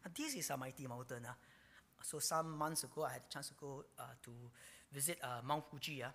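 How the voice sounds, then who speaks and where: A man pastor preaching a sermon, his bright, forceful voice swinging up and down with plenty of life. He keeps tagging phrases with a drawn-out "ah". The sound has the long reverb of a church hall. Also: medium pitch. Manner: animated, ends phrases with a drawn-out "ah".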